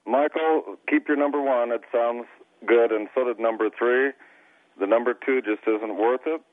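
A man's voice: mid-range voice, normal speed, dry recording. A man with a Southern US accent calling into a radio show, earnest and friendly. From Deep South. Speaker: caller. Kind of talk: call-in conversation. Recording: tinny phone line.

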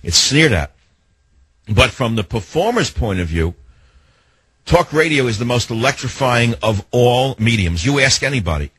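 A man's voice: medium pitch, sing-song, a bit bright, breathy edge, no room sound, poor audio. An older man with a New York accent hosting a talk radio show, brash and digressive. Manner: brash, rapid-fire, digressive.

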